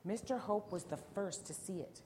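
A woman reading a picture book aloud to children, animated, asking them questions and dropping to whispers. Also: mid-range voice, moderate pace, a little hiss or hum. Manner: animated, asks the listeners questions, drops to whispers. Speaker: storyteller.

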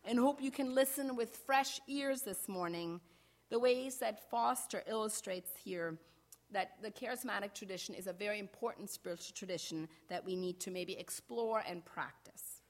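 A middle-aged woman pastor giving a sermon in a measured way, slowing down to stress key phrases. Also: medium pitch.

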